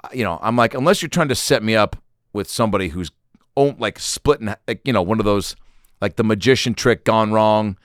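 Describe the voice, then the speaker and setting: A man's voice: lowish voice, a little fast, dry recording, studio quality. A man hosting a podcast, telling a rambling, profane, self-mocking comedic story. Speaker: podcast host.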